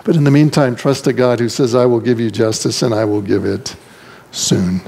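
A man delivers a sermon as pastor, in a lively storytelling manner. He acts out the characters he describes, and his voice leaps up in pitch for them. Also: moderate pace, vocal fry. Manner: animated storytelling, acting out voices with big pitch swings.

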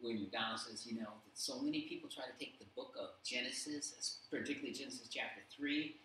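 A man's voice: medium pitch, fast talker, sharp tone. A man leading a casual Bible study discussion, telling stories animatedly with many fillers. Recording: very echoey room, faint background hum.

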